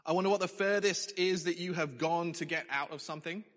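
A young man preaching a sermon in a lively, conversational way. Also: on the high side, a little fast. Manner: lively, conversational preaching with sudden emphatic rises. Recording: long hall reverb.

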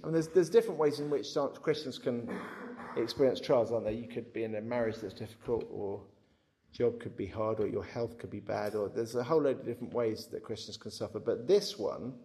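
A man giving a conversational Bible teaching, frank and lively, often repeating his words as he talks. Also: medium pitch. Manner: frank, animated, repeats words, acts out quotes.

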